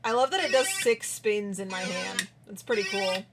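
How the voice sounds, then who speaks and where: A woman's voice: medium pitch, normal speed, over loud music. A young woman streamer chatting casually with her viewers, giggling often and trailing off into restarts.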